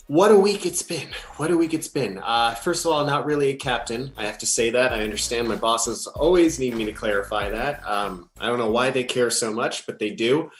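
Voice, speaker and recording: A man's voice: medium pitch, lightly acted. A man playing a flustered space captain. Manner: rambling, distracted, self-correcting. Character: flustered male space station log keeper, procrastinating. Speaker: improv performer playing a space station host. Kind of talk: improvised sci-fi comedy. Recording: echoey room with faint music.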